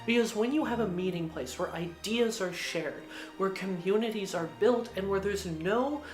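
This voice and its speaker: A woman's voice: medium pitch, normal speed, darkish tone, soft background music. A woman narrating a video essay in a casual way, with lots of filler words. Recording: roomy echo.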